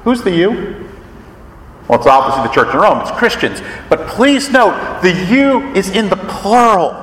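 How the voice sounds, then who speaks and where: High-voiced man preaching in an echoey hall. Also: a bit bright, recorded from a distance. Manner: explanatory preaching, with rhetorical questions and scripture reading. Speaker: pastor. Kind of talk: sermon.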